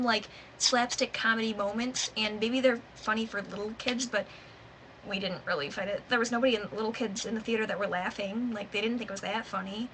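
A woman's voice: fairly high pitch, pushed and bright, a little hiss or hum, low-quality recording. Chatty woman with a Michigan accent. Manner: chatty, rambling, lots of "like" and trailing asides. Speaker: movie reviewer. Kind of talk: casual unedited video review.

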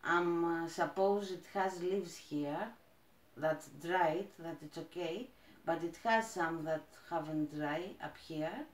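A woman from Greece with a Greek accent, chatting as she unboxes plants, gushing and halting with fillers. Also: lowish voice, reverberant. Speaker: plant vlogger. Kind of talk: casual unboxing chat.

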